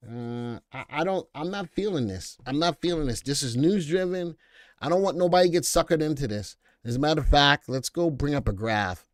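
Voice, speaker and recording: A man hosting a live stock market commentary show, animated and joking as he reads viewer comments aloud. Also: mid-range voice, no echo, clean studio sound.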